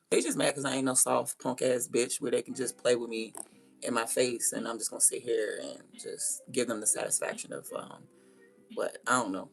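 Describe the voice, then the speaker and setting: A woman's voice: rumbling low, steady tone, moderate pace, creaky. A young woman hosting a livestream, ranting bluntly and confrontationally with lots of profanity. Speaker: livestream host. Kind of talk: casual livestream rant.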